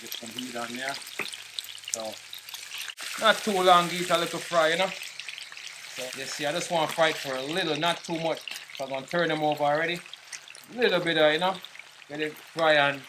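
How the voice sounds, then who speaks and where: A man's voice: on the high side, fairly quick, long pauses, noisy background. A man with a Jamaican accent, chatting casually as he cooks and explains each step, with faint frying sounds behind him. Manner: relaxed, chatty, patois phrases. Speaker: cook. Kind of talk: casual cooking demonstration.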